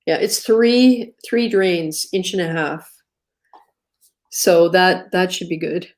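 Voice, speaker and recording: A woman's voice: lowish voice, slow pace. Chatty woman hosting a live stream. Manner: easygoing, chatty, thanks guests. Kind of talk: casual live-stream chat.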